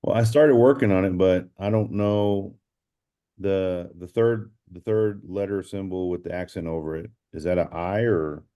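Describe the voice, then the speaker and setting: Man student, low and mellow, tentative; muffled lo-fi sound. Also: moderate pace. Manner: tentative, questioning. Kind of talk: online class participation.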